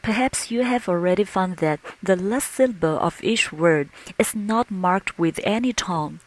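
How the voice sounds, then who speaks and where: A woman teaching a language lesson slowly and patiently, modelling sounds with clear, deliberate speech. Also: rough recording. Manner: clear, deliberate, models each tone with exaggerated pitch. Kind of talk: slow, patient pronunciation lesson with drills.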